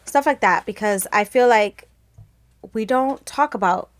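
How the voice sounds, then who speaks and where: A woman's voice: mid-range voice, unhurried. A young woman co-hosting a podcast, telling stories in casual chat and laughing through them. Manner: animated storyteller, laughs through her stories. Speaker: podcast co-host.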